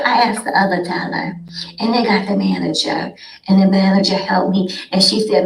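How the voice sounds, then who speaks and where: A woman's voice: mid-range voice, moderate pace. A woman podcast host telling a sassy, dramatic story, acting out both sides with big swings in her voice. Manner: sassy, dramatic, addresses listeners as honey and sweet babies. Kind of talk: animated storytelling. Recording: roomy echo.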